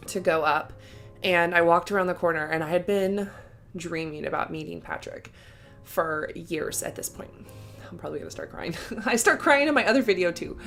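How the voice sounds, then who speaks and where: A young woman with a slightly low voice tells a personal story to her vlog audience. She gushes with feeling, fills her sentences with "like" and "um," and breaks into small laughs. Soft music plays faintly behind her. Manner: gushing and emotional, with filler words and laughs. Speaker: vlogger.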